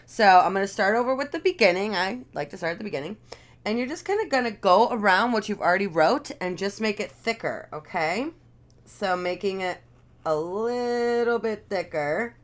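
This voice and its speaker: A woman's voice: medium pitch, expressive, normal speed. A young woman talks viewers through chalkboard lettering from her living room floor. Her manner is chatty and encouraging, full of casual asides as she works. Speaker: art instructor. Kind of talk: casual video lesson.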